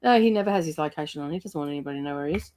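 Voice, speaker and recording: A woman's voice: low-pitched, racing, a little mellow. An Australian woman co-hosting a livestream, chatting casually with lots of fillers and the odd swear word. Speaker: co-host of a livestream. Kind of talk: casual chat.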